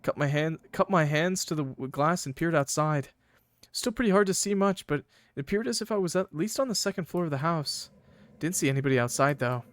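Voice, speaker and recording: A man's voice: fairly high pitch, animated, a little fast, dry recording. Playful man reading game text aloud. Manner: playful, joking asides to chat. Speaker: streamer. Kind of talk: reading a game's text aloud with live commentary.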